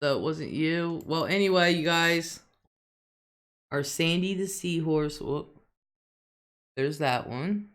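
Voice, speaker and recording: Here a middle-aged livestream host reads out comments from viewers in a chatty, laugh-filled way, stretching out certain words. She has a low, slightly bright voice and speaks slowly, pausing often.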